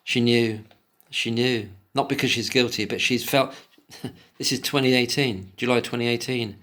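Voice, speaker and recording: A man's voice: medium pitch, fairly even intonation, normal speed, fairly bright tone. A man giving a solo commentary, reading an article aloud and breaking off into emotional, indignant rants with plenty of swearing. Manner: reads passages aloud, then breaks off to rant.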